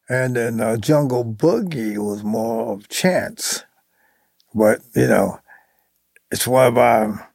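Older male musician guest, gravelly, halting, dry close mic. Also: on the low side, a little mellow, no echo. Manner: halting, many ums and you-knows. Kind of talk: casual interview talk.

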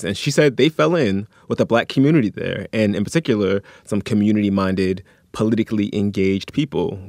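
A man's voice: on the low side, dry recording, clean studio sound. A man co-hosting a podcast in a wry, conversational way. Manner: wry, conversational, often dryly ironic. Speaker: podcast co-host.

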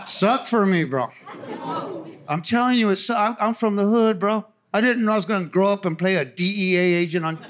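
A man's voice: sits high, brisk. A man doing a stand-up comedy set, talking in punchy slang with a laugh in his voice. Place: comedy club stage. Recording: live club audience and crowd noise.

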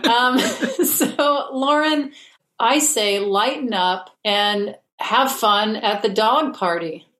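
A woman hosting a comedy advice podcast from home over a video call, reading listener letters in a dry, deadpan way. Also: fairly high pitch, slow, echoey room. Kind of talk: casual comedic chat.

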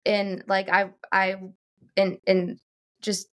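A woman's voice: medium pitch, completely flat delivery, takes it slowly, fairly bright tone. A woman in a couples therapy session who speaks hesitantly, with many restarts, as she explains her feelings. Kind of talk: casual chat.

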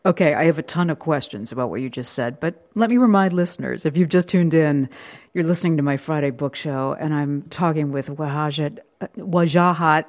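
A woman's voice: low voice, fairly quick, darkish tone. A woman hosting a radio book show, asking thoughtful, curious questions. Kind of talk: radio interview.

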